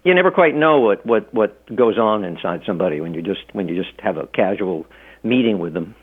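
Low-voiced man talking over a phone line. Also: expressive, brisk, husky. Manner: rambling, many restarts and fillers. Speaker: author and law professor, guest. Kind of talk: casual interview talk. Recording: tinny phone-line audio.

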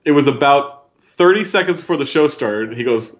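A man's voice: fairly high pitch, lively intonation, a little fast. A man co-hosting a casual podcast, sarcastic and off-the-cuff. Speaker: podcast co-host and radio host. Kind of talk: casual chat. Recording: slightly dull lo-fi sound.

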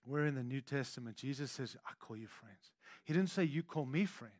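Brisk and expressive, this pastor preaches with big swings between soft, intimate moments and loud, emphatic pronouncements, slipping in conversational remarks to the congregation. No room sound is audible.

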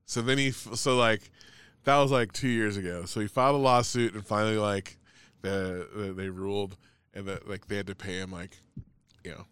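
A man's voice: fairly low pitch, steady tone, moderate pace, a bit bright, smooth, dry recording. A man in casual chat, telling a long story in a rambling way, full of "like" and swearing.

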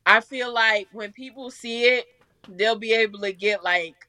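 A woman's voice: fairly high pitch, measured pace, sharp tone, no echo. A woman musician, a guest on a podcast, talking casually in a playful, slangy, teasing way. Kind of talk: casual interview chat.

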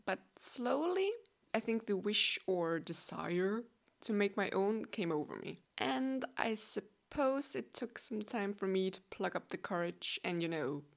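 A woman in her twenties with a Danish accent, hosting a relaxed solo podcast in a chatty, playful, self-deprecating way; English is not her first language. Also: mid-range voice, unhurried, vocal fry. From Denmark. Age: 20s. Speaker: podcast host.

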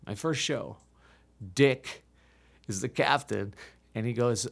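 This podcast guest is a US improv comedian in his fifties, chatting casually through a self-deprecating tale full of restarts. He speaks at an unhurried pace in a gravelly, medium-pitched voice, leaving long pauses.

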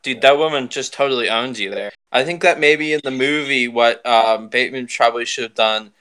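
Bright-toned man bantering teasingly. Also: medium pitch, a little fast, clean tone, rough recording. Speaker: podcast co-host. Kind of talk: casual chat.

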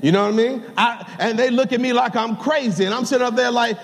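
An older man preaching a sermon as pastor, folksy and storytelling, rising to shouts at the high points. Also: brisk, few pauses. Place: large church sanctuary. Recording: live church sound with long hall reverb.

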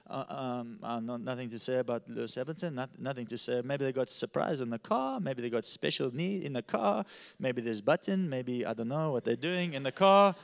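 A man voicing a frustrated German racing driver with halting, broken English and a put-on German accent, low and subdued. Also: vocal fry.

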